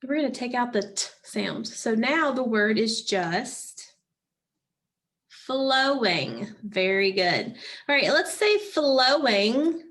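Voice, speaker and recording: A woman teaching a phonics lesson, prompting children patiently and pausing for their answers. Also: fairly high pitch, expressive, fairly bright tone.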